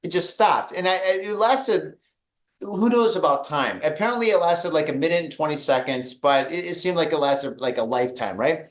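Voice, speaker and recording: A man from the United States, a guest in a casual interview, telling a story in an animated, dramatic way. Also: fairly high pitch, normal speed. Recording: roomy echo.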